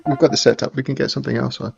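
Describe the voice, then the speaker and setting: A man's voice: mid-range voice, fairly even intonation, racing, vocal fry, dull audio. A man with a mild Scottish accent, chatting casually and rambling as he hosts a live stream while setting up music gear. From Scotland. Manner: chatty, rambling, frequent restarts. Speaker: livestream host. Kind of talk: casual chat while working.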